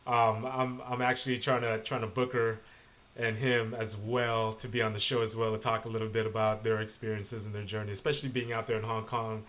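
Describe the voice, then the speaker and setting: A man's voice: lowish voice, flat delivery, a little fast, a bit bright. A man hosts a casual online interview show. He sounds upbeat and friendly, asking questions with some ums and restarts. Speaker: show host.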